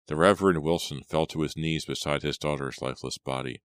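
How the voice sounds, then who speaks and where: A man narrating an audiobook in a dramatic reading style, acting out the characters' lines louder and slower. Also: very deep voice, fairly even intonation, clear, resonant tone, no echo, studio quality.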